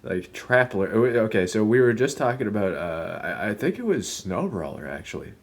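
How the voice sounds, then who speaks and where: A young man streaming a game, chatting casually, rambling and swearing, with sudden loud outbursts between mumbles. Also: fairly low pitch, sing-song, moderate pace, creaky.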